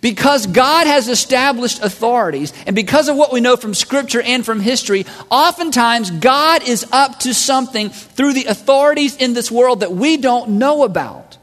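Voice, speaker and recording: A man preaching a sermon as a pastor, animated and acting out voices of listeners and God. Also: very high voice, moderate pace, hardly any pauses. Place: large church hall. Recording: long hall reverb.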